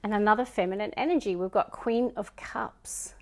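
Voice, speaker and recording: In this casual tarot reading, a Scottish woman of middle pitch talks through the spread at a moderate pace, relaxed and chatty, against slight background noise. She muses over every card and often murmurs softly between them.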